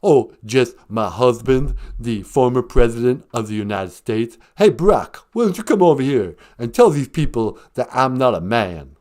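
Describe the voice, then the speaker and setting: A man's voice: mid-range voice, expressive, normal speed, few pauses, a little mellow, lightly acted. Man doing a brash, riled-up first lady. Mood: indignant. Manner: sassy, blustering, threatens to fight critics. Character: comic impression of a famous first lady, brash, easily riled.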